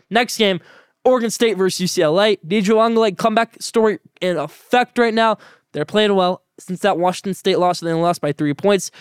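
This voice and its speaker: Fast-talking, high-voiced male sports podcaster. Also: smooth, no echo, studio quality. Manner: blunt, opinionated rapid-fire picks. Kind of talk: solo sports podcast commentary.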